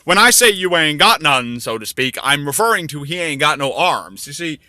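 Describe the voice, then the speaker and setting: A man telling crude comedy stories in a rambling way, with deadpan asides. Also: a little high, fairly quick, no echo, studio quality. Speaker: storyteller. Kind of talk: crude comedic storytelling over drawings.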